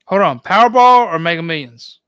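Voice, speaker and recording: A man with a high, bright-pitched speaking voice bantering loosely on a live stream, swearing offhandedly and riffing on jokes. The sound is dry and close, with no room around it. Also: expressive, brisk, smooth, no echo. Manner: loose, profane, joking, reads chat aloud.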